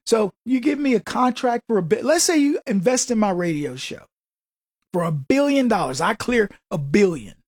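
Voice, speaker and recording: A man's voice: sits high, animated, moderate pace, no room sound, clean studio sound. A man hosting a radio show, delivering a combative political monologue full of rhetorical questions.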